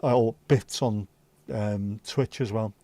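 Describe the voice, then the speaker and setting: A Liverpool man with a Scouse accent hosts a casual livestream, rambling along chattily and swearing freely. His voice is fairly low, steady, and warm, and he speaks at a slow pace.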